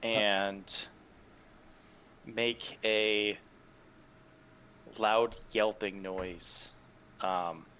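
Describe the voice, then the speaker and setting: A man playing a tabletop game, describing his character's action in hesitant, halting words. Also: lowish voice, fairly even intonation, pushed and bright, slight background noise. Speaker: player.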